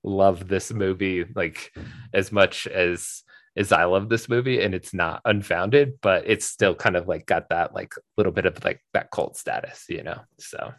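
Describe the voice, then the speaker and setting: A man's voice: low voice, unhurried, fairly bright tone, no room sound, clean studio sound. A man co-hosting a movie podcast in casual chat, rambling with lots of fillers and restarts. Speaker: podcast co-host.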